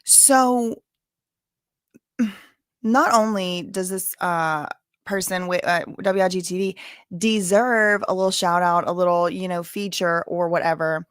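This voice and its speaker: A woman's voice: lowish voice, fairly even intonation, takes it slowly, clean tone, dry recording, clean studio sound. A woman from Louisiana with a Cajun accent, chatting in a rambling, casual way as she hosts a live stream full of asides and filler words. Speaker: livestream host. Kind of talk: casual livestream chat.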